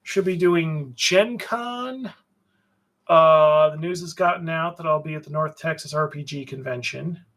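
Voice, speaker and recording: A man's voice: on the high side, measured pace, fairly bright tone. A man hosting a publisher's livestream, rambling through viewer chat in a sardonic, swearing way, trailing off with fillers.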